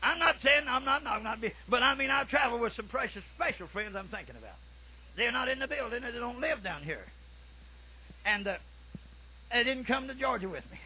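An older man preaching a folksy sermon, dropping to soft murmurs and then shouting out his stories. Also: very high voice, expressive, brisk, slight background noise. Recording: muffled lo-fi recording.

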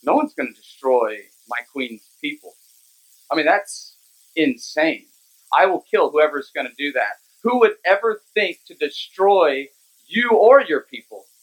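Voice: medium pitch, very animated, measured pace, voice pushed down, poor audio. A vain, forgetful ancient king, put on by a preacher in the middle of a sermon. He talks in breezy modern slang and gets carried away with his own reputation. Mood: indignant. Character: boastful sleepless ancient king, forgetful and impulsive. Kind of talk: sermon storytelling.

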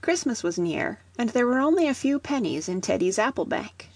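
A woman reads a children's storybook with gentle, even storytelling. Her voice is soft and breathy, and the close recording is completely dry, with no room sound at all. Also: a little high, moderate pace, no room sound. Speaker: audiobook reader.

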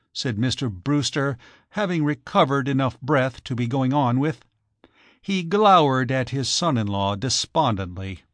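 A man reading an audiobook with measured, expressive storytelling. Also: mid-range voice, dry recording, clean studio sound. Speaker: audiobook reader. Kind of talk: scripted narration.

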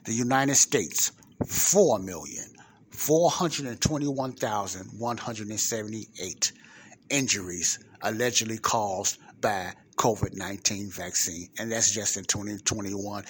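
A podcast host offers casual, emphatic commentary on a clip he's played, asking questions directly of the listener. His voice is lowish and slightly rough, and he speaks a little slowly.

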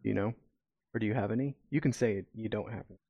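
A man's voice: on the low side, fast talker, creaky, husky, no room sound, dull audio. A man co-hosting a podcast and talking as a parent in casual chat, laughing often and restarting his sentences as he goes.

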